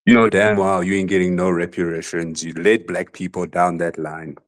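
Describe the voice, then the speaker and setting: A man's voice: sits low, flat delivery, normal speed, dry recording. A man calling in to a talk show, arguing in an accusatory, needling way. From South Africa. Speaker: caller. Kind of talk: heated call-in argument.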